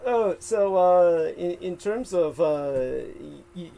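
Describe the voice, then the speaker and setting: A man co-hosting a livestream in casual chat, talking haltingly with many restarts and frequent laughs. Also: high voice, gravelly, dark tone, poor audio. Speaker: livestream co-host.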